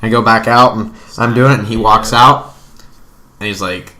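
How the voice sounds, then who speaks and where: A young man co-hosting a casual podcast, telling stories with profane, animated energy. His voice sits low yet sounds bright and forceful. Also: normal speed. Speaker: podcast co-host. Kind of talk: casual storytelling among friends.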